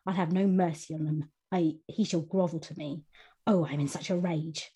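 A woman's voice: sits low, fairly even intonation, moderate pace, warm tone, breathy edge. A woman voicing a furious, spirited young woman while reading aloud from a novel. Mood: enraged.

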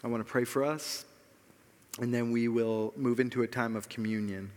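A man's voice: medium pitch, fairly even intonation, normal speed, darkish tone, in a large hall. A man preaching a sermon as pastor, earnest and emphatic, repeating key phrases for weight.

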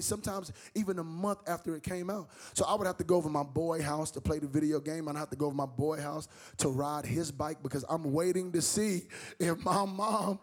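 A man's voice: sits high, a little mellow, slightly rough. A middle-aged man preaching a sermon, telling a story in a rising sing-song cadence. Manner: storytelling, sing-song rising cadence, acting out his mother and his child self.

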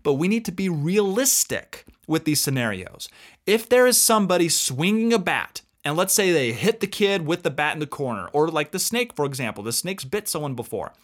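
A man co-hosts a casual advice talk with an earnest, emphatic delivery. His voice sits a little high for a man, and he drives each point home like a lecture. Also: big pitch swings, normal speed. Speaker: co-host.

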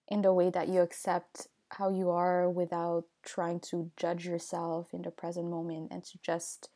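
A woman's voice: on the low side, warm tone. A woman interviewer asking long, careful questions.

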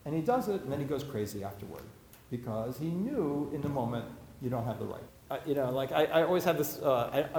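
A man's voice: medium pitch, darkish tone, a little hiss or hum. A man teaching about Jewish law to a live audience, talking casually with stories and acted-out quotes. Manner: conversational, anecdotal, acts out quotes. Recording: echoey hall, faint ambience.

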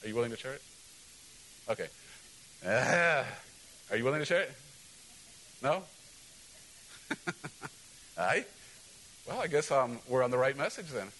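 A male pastor preaching a sermon in an animated, joking way, often asking the congregation questions. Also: medium pitch, measured pace, long pauses, rough recording.

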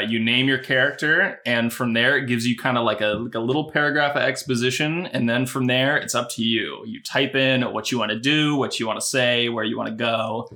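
A man's voice: medium pitch, pushed and bright. A man hosting a casual podcast with friends, upbeat and rambly, often restarting his sentences. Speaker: podcast host running an AI text adventure.

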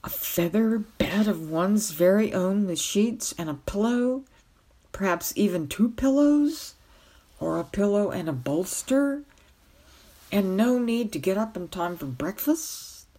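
A woman's voice: mid-range voice, expressive, takes it slowly, mellow, voice pushed up. A woman voicing a bumbling, mournful older king-knight who whines and sighs. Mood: wistful eager. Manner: plaintive, whining, sighing.

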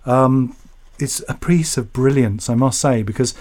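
Reading out letters from listeners, this radio co-host from Yorkshire, England, jokes and meanders on his casual show. He talks at an easy pace in a mellowish voice of medium pitch.

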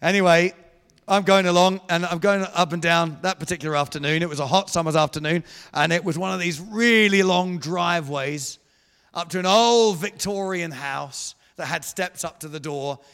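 A man preaches to a congregation, his voice sitting high and full of bounce as he spins a story. The sound carries a long reverb tail from the church hall around him. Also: moderate pace, clear, resonant tone. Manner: animated storyteller, acting out voices. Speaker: guest preacher. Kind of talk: sermon storytelling.

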